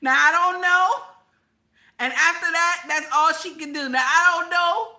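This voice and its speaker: A woman hosting a live reaction stream, her voice high and ringing bright. She talks in an emphatic, chatty way, repeating her points and calling out to viewers. The delivery is loose and conversational. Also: measured pace. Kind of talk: casual reaction commentary.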